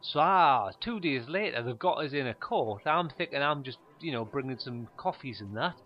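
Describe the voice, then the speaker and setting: A man telling stand-up stories in a deadpan, rambling way, full of fillers. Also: medium pitch, moderate pace, highs cut off. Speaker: stand-up comedian. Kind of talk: stand-up monologue.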